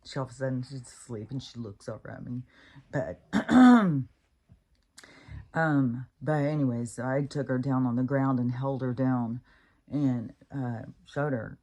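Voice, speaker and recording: A woman's voice: extremely low pitch, fairly even intonation, measured pace, warm tone. A middle-aged American woman talking at home in a meandering, casual way, with many fillers and restarts. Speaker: vlogger. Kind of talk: casual rambling monologue. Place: at home, with her dog nearby.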